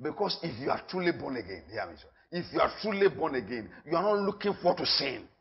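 A man's voice: a little high, fast talker, lo-fi sound. A man preaching a sermon, calling out questions to the congregation and declaring lines back. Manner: animated preaching with call-and-response. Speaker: pastor.

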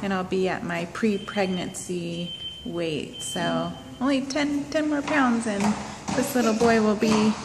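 Young mom chatting at the gym, giggly, kinda slow, lots of noise behind her. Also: medium pitch, steady tone, creaky, reverberant, long reverb tail. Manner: chatty, laughs often. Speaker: vlogger, new mother. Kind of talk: casual family vlog. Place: community gym. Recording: handheld camera, background noise.

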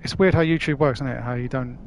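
A man's voice: medium pitch, fast, a little hiss or hum. A man chatting casually on a live stream while playing, laughing often and swearing freely.

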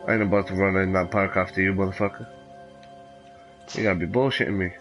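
A man commentating while playing a horror game, cursing freely and reacting loudly. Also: deep voice, fast, soft background music, rough recording. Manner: profane, animated, reacts loudly. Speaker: gameplay commentator. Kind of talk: let's play commentary.

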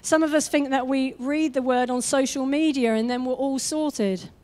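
Woman, young adult, sermon, high pitched, energetic, conversational, acts out quoted voices. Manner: energetic and conversational, with quick asides. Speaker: guest preacher.

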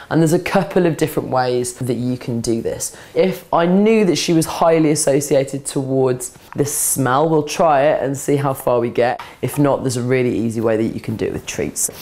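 A woman dog trainer, calmly explaining a scent game step by step while softly praising and cueing a dog. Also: rumbling low, normal speed, hardly any pauses. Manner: calm, practical explaining, breaking into soft praise and commands to a dog. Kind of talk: instructional demonstration. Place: indoors, training session with a dog.

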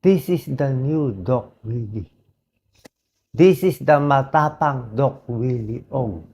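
A Filipino doctor with a hoarse, weakened voice, talking slowly and earnestly in short, halting phrases in a personal video monologue. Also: male voice, mid-range voice, animated, a little mellow. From Philippines.

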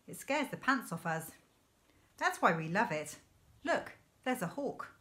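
A woman voicing a cheerful father in a storybook reading, speaking in a gentle, wry manner. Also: medium pitch, sing-song, a little slow. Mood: happy. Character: cheerful father, calm and playful man.

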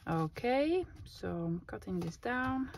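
In a slightly high, sing-song voice, a craft vlogger takes things slowly as she works on a collage. Her casual chat is aimed at both her viewers and herself, full of laughter, in a clear recording with clicks and background noise.

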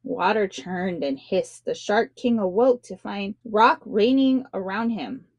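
A woman reading a children's picture book aloud with expressive, dramatic narration. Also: medium pitch, a little slow, dry recording. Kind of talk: read-aloud storytelling for children.

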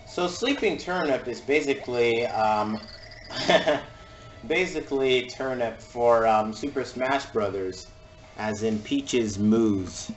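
A man giving jokey let's-play commentary over a video game and reacting with sudden loud exclamations. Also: mid-range voice, slow, soft background music. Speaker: gamer playing through a video game.

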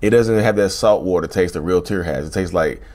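A man's voice: deep voice, fairly quick, darkish tone. A man hosting his own channel, talking casually to his viewers, repeating himself and saying "y'all" a lot. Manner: conversational, repeats phrases, says "y'all" often. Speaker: YouTube host. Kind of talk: casual talk to camera.

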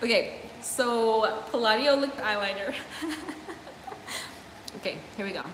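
Speaking at a measured pace, a woman makeup vlogger runs a casual tutorial chat with live comments, teasing viewers and slipping in while breaking into laughter and high sing-song bits. Background noise is present, and the room is echoey with long reverb.

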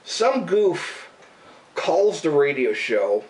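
Man, slightly high voice, rambling exasperated rant with lots of swearing, a bit off-mic. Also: sing-song, drawn-out words, recorded from a distance, low-quality recording. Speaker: radio show regular and vlogger. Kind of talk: casual profane rant to camera.

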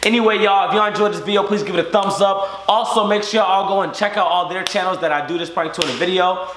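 Young guy vlogging a prank, high voice, loud and teasing, roomy echo. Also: fairly even intonation, quick pace. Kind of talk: casual prank vlog. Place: room with friends. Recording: echoey room.

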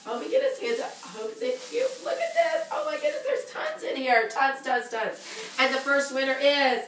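A woman in a bubbly, exclamatory team announcement, slightly hoarse from cheering. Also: high-pitched, expressive, moderate pace, a bit bright, recorded from a distance, slight background noise. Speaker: sales team leader. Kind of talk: upbeat team announcement video. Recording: echoey room, voice from off-mic.

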